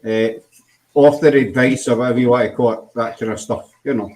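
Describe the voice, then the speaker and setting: A man's voice: medium pitch, steady tone, fairly quick, darkish tone, rough recording. A Scottish man hosting a casual live show, joking about himself and laughing often. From Scotland. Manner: jokey, self-mocking, laughs often. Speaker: host.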